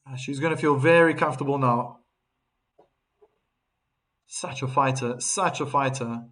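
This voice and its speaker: A man with a South African accent hosting a live tennis watchalong, chatting with viewers and breaking into excited calls on big points. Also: mid-range voice, a little slow. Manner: chatty, reads viewer chat messages aloud between calls. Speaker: host and tennis commentator.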